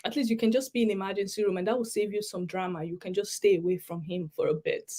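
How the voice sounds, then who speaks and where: Woman giving an earnest, halting testimony. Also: medium pitch, fairly even intonation, warm tone. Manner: halting, repeats words, earnest pleading. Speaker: summit speaker. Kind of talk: emotional personal testimony.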